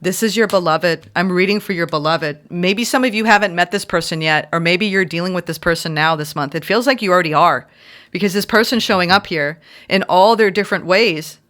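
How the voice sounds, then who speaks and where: A woman giving an intuitive tarot reading, heartfelt and effusive, sometimes reading card meanings aloud in a gentle, spiritual manner. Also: lowish voice, fairly quick. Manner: emotional and effusive. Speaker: tarot reader.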